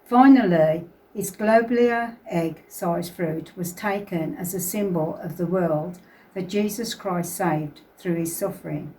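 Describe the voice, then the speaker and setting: A woman deacon reading a reverent devotional reflection in a steady way. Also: fairly low pitch, unhurried. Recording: distant mic on a livestream.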